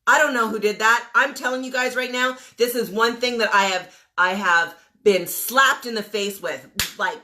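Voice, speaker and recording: A woman in her forties, acting as a coach, delivers a blunt, emphatic motivational rant with mild swearing. Her fairly high voice is sharp and moves at a normal speed with few pauses, firing rhetorical questions and repeating commands.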